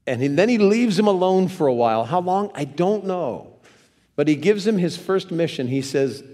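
A man preaching a sermon to a congregation, telling stories with humor and lively asides. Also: a little high, normal speed. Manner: animated storyteller, jokes with the congregation. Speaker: pastor. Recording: long hall reverb.

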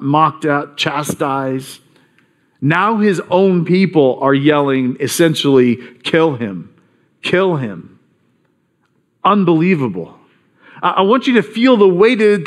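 A man preaching a sermon as pastor, earnest and emphatic, acting out quoted voices. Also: on the high side.

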